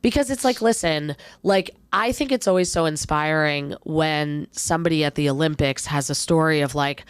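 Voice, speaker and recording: A woman's voice: low-pitched, normal speed, few pauses, clear, resonant tone, no room sound. A woman in her thirties co-hosting a podcast, talking reflectively in long, searching runs. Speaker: podcast co-host. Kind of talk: casual chat.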